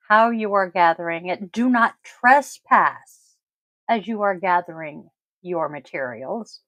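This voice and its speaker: Slow-talking woman podcast host. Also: fairly low pitch, dry recording, rough recording. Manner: deliberate, stresses key words, frequent ums. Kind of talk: casual solo podcast talk.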